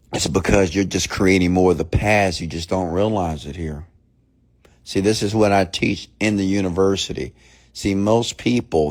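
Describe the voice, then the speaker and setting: A young man hosting a motivational podcast, speaking in an emphatic, preachy way and repeating his key points for effect. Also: deep voice. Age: young adult. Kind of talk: motivational monologue.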